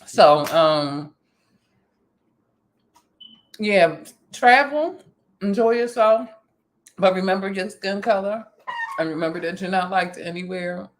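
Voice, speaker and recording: A woman hosting a casual chat, animated and talkative, laughing often. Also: mid-range voice, takes it slowly, pauses often. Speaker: vlog host.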